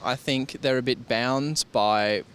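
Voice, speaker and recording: An Australian man giving thoughtful, measured opinions in a street interview. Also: medium pitch, a bit bright, a little hiss or hum. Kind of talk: casual opinion chat.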